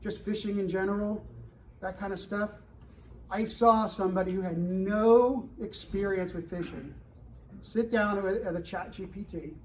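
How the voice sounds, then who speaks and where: A middle-aged man giving a fireside chat to students at a live event, animated and full of rhetorical questions to the crowd. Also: high-pitched, moderate pace, far from the mic, slight background noise, poor audio. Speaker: government security director speaking to students. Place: university event room.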